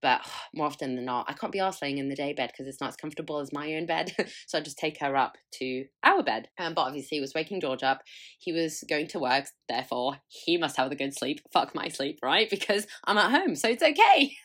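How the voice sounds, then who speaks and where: A woman's voice: low voice, a little fast, a bit bright. A young woman hosting a podcast, chatting candidly with a frank, sweary, self-mocking manner and frequent laughter. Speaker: podcast host. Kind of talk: candid solo chat.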